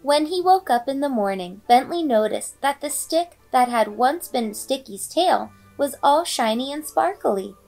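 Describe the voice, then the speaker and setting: Lady reading kids a bedtime story, high voice, lots of drama in it, soft music behind. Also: animated, measured pace, hardly any pauses. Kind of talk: bedtime read-aloud narration. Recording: faint background music.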